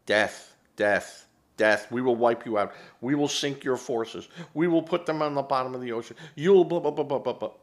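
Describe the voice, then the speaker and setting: A man's voice: mid-range voice, moderate pace, few pauses, pitched above the performer's own voice, close to an everyday voice. A man putting on a ranting, threatening regime voice that chants and blusters. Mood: blustering.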